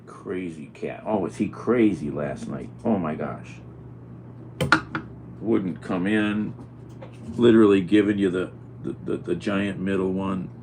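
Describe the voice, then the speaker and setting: A man vlogging at home, talking in an animated, exclaiming way to his cat and the camera. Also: deep voice, measured pace, noisy background. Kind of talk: casual chat.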